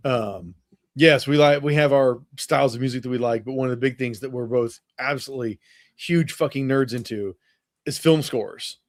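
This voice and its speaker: A man co-hosting a podcast in casual chat, animated and profane, with tumbling phrases. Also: medium pitch, normal speed, no room sound. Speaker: podcast co-host.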